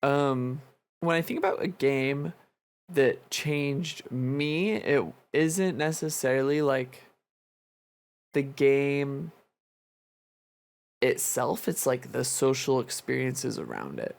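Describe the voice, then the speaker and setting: A man's voice: medium pitch, expressive, slow, creaky, pauses often. Rambling, casually profane young man. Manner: loose, rambling, swears freely. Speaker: podcast co-host. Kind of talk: casual chat.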